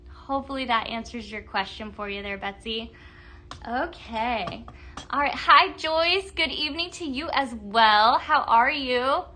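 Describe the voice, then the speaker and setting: A woman's voice: on the high side, unhurried, pushed and bright, slight background noise. A woman hosting a live product stream, chatting casually and gushing over items with lots of fillers and replies to viewer comments. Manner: bubbly, gushing, many fillers, reads comments aloud. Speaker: livestream product host. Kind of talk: casual live-selling chat.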